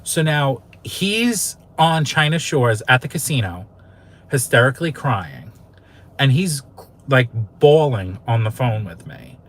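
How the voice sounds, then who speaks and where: A man's voice: mid-range voice, sing-song, slow pace, fairly bright tone. Candid, foul-mouthed man telling a story. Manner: candid, emotional, swears freely. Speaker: YouTube channel host. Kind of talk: casual storytelling vlog.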